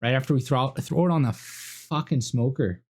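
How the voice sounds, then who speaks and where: A man's voice: medium pitch, normal speed, a little mellow, breathy edge, natural voice. A man putting on a crude, rowdy Albertan redneck guy with an Albertan accent, swearing and brash. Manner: brash, profane, slangy.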